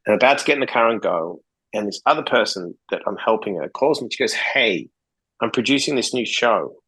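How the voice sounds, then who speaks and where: A man's voice: medium pitch, lively intonation, a little fast, bright, forceful tone, breathy edge, rough recording. Blunt guy from australia telling stories on a podcast, cusses a lot, plays all the parts himself. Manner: blunt, swears freely, acts out quoted dialogue. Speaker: podcast guest, interventionist. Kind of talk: casual interview storytelling.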